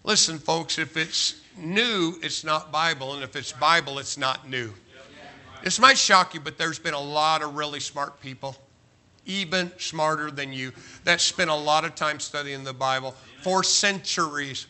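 Pastor guy preaching, super bright sharp voice, jokey and emphatic, lots of questions at the crowd. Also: on the high side. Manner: emphatic, joking, rapid-fire rhetorical questions. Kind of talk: sermon. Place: large church sanctuary.

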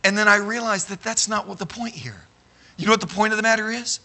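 This Bible teacher talks fast in a high-pitched voice while teaching a sermon to a live audience. Animated and emphatic, he frequently asks "okay?" and now and then shouts a phrase for emphasis.

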